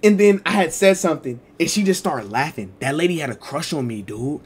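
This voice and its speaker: A man telling a story to his live stream chat, slangy and excitable, swinging between mumbled asides and loud exclaims. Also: fairly high pitch, brisk, slightly rough.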